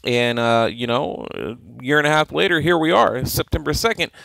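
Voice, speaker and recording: A man hosting a boxing channel, talking in casual, animated commentary, laughing and repeating himself as he mimics others. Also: on the high side, moderate pace, vocal fry, no room sound, poor audio.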